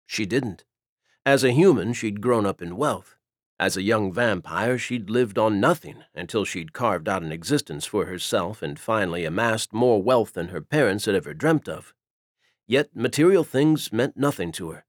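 A man's voice: lowish voice, lively intonation, normal speed, dry recording. Male audiobook narrator, dry sound. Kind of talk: scripted narration.

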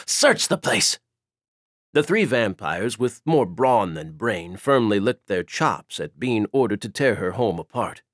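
A man narrating a story in a steady, even storytelling manner. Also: lowish voice, unhurried, few pauses, no echo, clean studio sound. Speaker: audiobook narrator. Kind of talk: scripted narration.

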